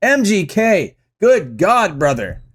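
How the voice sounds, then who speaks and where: Brief: male vlog commentator, sarcastic and needling, higher voice. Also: big pitch swings, slow pace, breathy edge. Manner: sarcastic, mock-confrontational.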